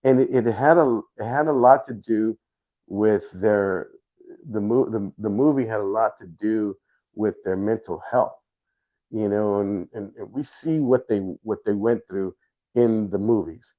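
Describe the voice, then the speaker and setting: A middle-aged man hosting a livestream, talking in a rambling, halting way with many restarts. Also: on the low side. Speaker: livestream host. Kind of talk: casual livestream chat. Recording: dull lo-fi stream audio.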